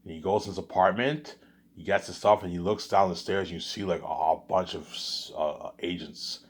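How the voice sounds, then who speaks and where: A man speaks very low, with a husky, rough edge to his voice. He rambles through a casual vlog monologue, repeating words and restarting sentences as he goes. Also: moderate pace. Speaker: vlogger.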